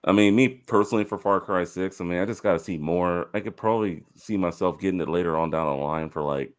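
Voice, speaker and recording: Easygoing deep-voiced man. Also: fast. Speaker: podcast co-host. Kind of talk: casual gaming podcast chat.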